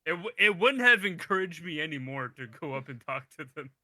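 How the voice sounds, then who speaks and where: A man's voice: fairly high pitch, animated, brisk, pushed and bright. A young man co-hosting a comic podcast, chiming in with short joking replies and laughter. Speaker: podcast co-host. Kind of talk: casual comic book review chat.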